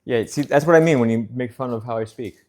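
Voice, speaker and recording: A man co-hosting a casual livestream, teasing with dry, deadpan remarks. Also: medium pitch, fast. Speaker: co-host.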